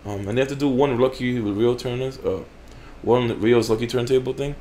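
A man's voice: mid-range voice, normal speed, mellow, a little hiss or hum. Guy talking over his game, swears a lot, blunt, normal mid voice. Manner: profane, blunt, frequent swearing. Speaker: gaming channel host. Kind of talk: casual gameplay commentary.

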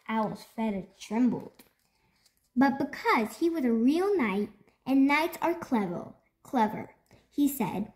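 A woman reads a children's picture book aloud as a storytime host. Her voice sits fairly high and moves about lively, stretching words out at an unhurried pace. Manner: expressive, slow storytelling with drawn-out words.

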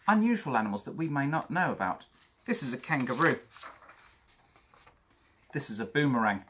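A young man teaching an art lesson for children, chatty and talking straight to young viewers, with a husky voice. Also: mid-range voice, very animated, brisk, pauses often, a bit bright, a little hiss or hum.

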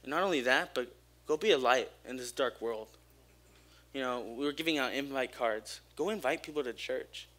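A young man preaches in a church service with a bright, forward voice and an easy, conversational delivery. He jokes with the crowd and speaks openly about his own struggles. His energy stays high and personal throughout. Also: moderate pace. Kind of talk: casual youth sermon.

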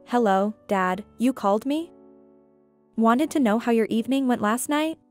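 A woman's voice: on the high side, expressive, moderate pace, soft background music, close to an everyday voice. A woman reading as a sly, scheming daughter.

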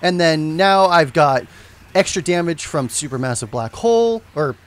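A man's voice: on the high side, expressive, normal speed. A young man giving casual, rambling commentary on a game he streams, often correcting himself and tossing in jokes. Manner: rambling, self-correcting, joking asides.

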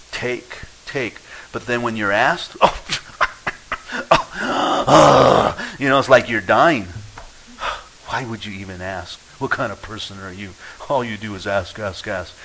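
A man preaches a sermon in a lowish, bright, forceful voice. He acts out quoted people and swings from loud to hushed. A faint hiss sits under the recording. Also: unhurried, low-quality recording. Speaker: pastor.

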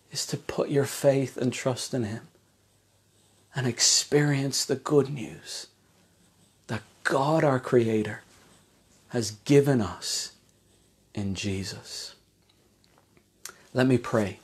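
A man's voice: medium pitch, slow pace, pauses often, a little mellow, husky. A man with an Irish accent preaching a sermon as pastor, earnest and building to impassioned questions.

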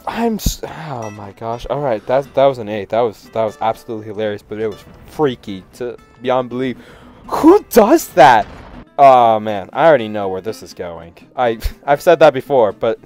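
A man giving excitable reaction commentary to memes, with loud outbursts and frequent laughter. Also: medium pitch, moderate pace, soft background music.

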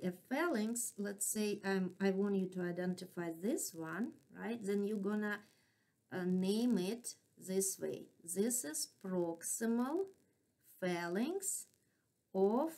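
Accented woman anatomy teacher, measured slow delivery, patient check-ins. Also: medium pitch, a little mellow. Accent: non-native English. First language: not English. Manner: patient, checks in with frequent "right?". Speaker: anatomy instructor. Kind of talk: classroom lecture.

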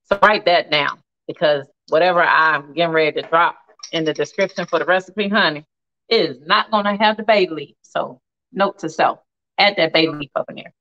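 A woman chatting playfully with her viewers while she cooks in her home kitchen during a live stream, breaking into loud happy exclamations. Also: low-pitched, moderate pace. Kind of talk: casual live cooking stream. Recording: dull lo-fi stream audio.

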